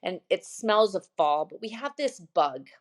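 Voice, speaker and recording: This woman's medium-pitched voice swings widely in pitch, and her pace is a little slow. She owns a glamping site in Michigan, USA, and as an interview guest she chats casually, restarting her stories often.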